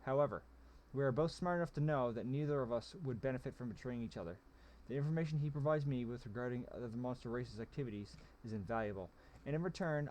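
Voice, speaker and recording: A man's voice: medium pitch, darkish tone, a little hiss or hum, close to an everyday voice. Cool, guarded woman mage, voiced by a man, dry and matter-of-fact, storybook read-aloud.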